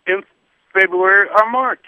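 A man calling in to a radio talk show, talking in an animated, halting way. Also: high voice, clean tone, no echo, phone-quality sound. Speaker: caller. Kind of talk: radio call-in comment.

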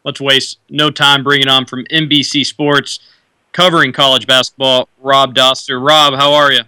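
A man's voice: mid-range voice, flat delivery, moderate pace, pushed and bright, smooth, no echo. A young man hosting a sports radio show, chatting casually with fillers and restarts. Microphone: studio mic.

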